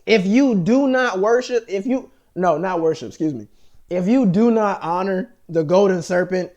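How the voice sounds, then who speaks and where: A man's voice: sits high, normal speed, darkish tone. An American man vlogging in a rambling, profane monologue, full of fillers and restarts. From United States.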